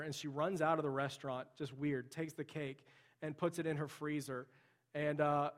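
A man preaching a sermon, telling a story in an earnest, conversational way with frequent fillers. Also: medium pitch. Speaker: pastor. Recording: long hall reverb.

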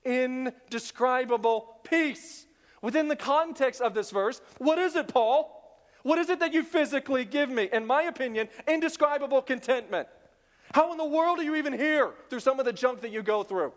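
A male pastor preaching a sermon, swinging from loud emphasis down to hushed near-whispers. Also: very high-pitched, moderate pace. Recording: long reverb of a large hall.

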